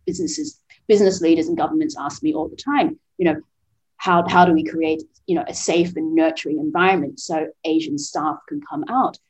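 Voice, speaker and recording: Speaking low and a little mellow, a Western-raised woman of Vietnamese heritage appears as a podcast guest. Her manner in this conversational interview is earnest and reflective, and her speech is full of fillers and restarts.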